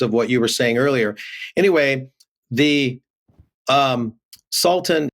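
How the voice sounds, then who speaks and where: A man giving remote news commentary, reading headlines aloud with many fillers and restarts. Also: mid-range voice.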